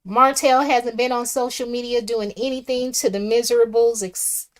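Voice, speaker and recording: A livestream host reads out viewer comments and reacts in a chatty, casual manner. Her voice is on the high side, steady in tone, and at normal speed, ranging from soft asides to loud exclamations.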